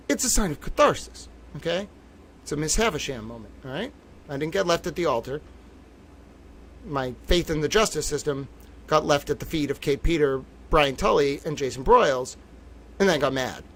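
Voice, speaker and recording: A man hosting a livestream as a reporter, giddy and sarcastic with loud profane outbursts. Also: a little high. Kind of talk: ranting livestream commentary.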